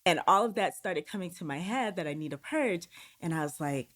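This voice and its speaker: A woman's voice: fairly low pitch, animated, fairly quick, a bit bright. A woman guest on a podcast, telling a personal story in a candid way and acting out the inner voices she heard. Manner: acts out inner voices in quoted dialogue; candid, uses swearing.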